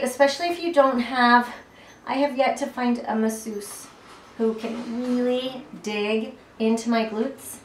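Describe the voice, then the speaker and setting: A playful, talkative woman with a faint Southern accent guides a floor stretching routine, her voice sitting a bit high. She is recorded from some distance in an echoey room. A faint hiss sits under her voice. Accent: faint Southern American, mostly lost. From South Carolina. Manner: chatty and playful, breaks off to chat mid-exercise. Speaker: fitness instructor. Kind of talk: chatty workout instruction. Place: echoey room, away from the mic. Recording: roomy echo, distant mic, faint hiss.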